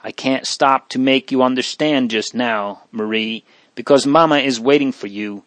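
A man reading aloud, voicing a calm, protective teenage boy who gently reassures his younger siblings. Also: mid-range voice, moderate pace, dry recording, natural voice. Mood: gentle.

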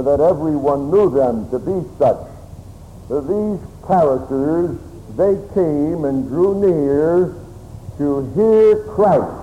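A man preaching a sermon slowly and solemnly, with old-fashioned phrasing. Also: fairly high pitch, narrow, tinny audio. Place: church. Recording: church hall reverb with faint room noise.

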